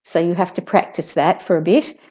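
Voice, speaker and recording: A woman teaching pronunciation in an online lesson, calmly drilling word pairs and sentences. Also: fairly low pitch. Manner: slow, careful drills with clear word pairs.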